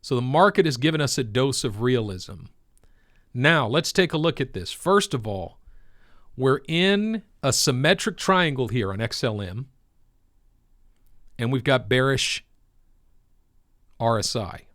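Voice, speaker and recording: A man's voice: medium pitch, lively intonation, measured pace, long pauses, a bit bright, dry recording, studio quality. A man giving casual commentary on the crypto market, with emphatic, preacher-like repetition.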